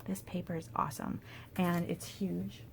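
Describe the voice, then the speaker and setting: A woman demonstrating paper crafts in a casual tutorial, chatty and thinking aloud with soft asides under her breath. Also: fairly low pitch, level tone, moderate pace, vocal fry, slight background noise.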